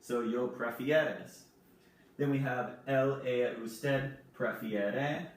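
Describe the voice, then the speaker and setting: A man's voice: mid-range voice, slow, heavy reverb, distant mic. A man teaching a recorded language lesson, patiently explaining and spelling words out letter by letter. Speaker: Spanish teacher.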